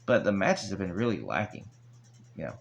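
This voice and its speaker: A man's voice: low voice, sing-song, moderate pace, vocal fry, highs cut off, soft background music. A man recapping an old wrestling episode in a rambling, casual way with chuckling asides. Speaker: wrestling show reviewer.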